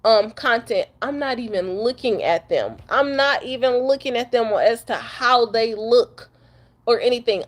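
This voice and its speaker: A young woman from Detroit, a truck driver, venting bluntly to camera after crying, cussing and repeating herself. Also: fairly high pitch. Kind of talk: emotional rant to camera.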